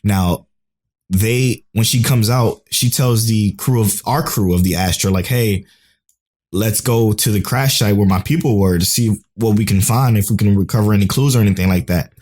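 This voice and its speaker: A young man co-hosting a podcast, recapping episodes in an excitable, casual way with some swearing. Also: fairly low pitch, moderate pace. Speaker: podcast co-host. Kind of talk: casual chat.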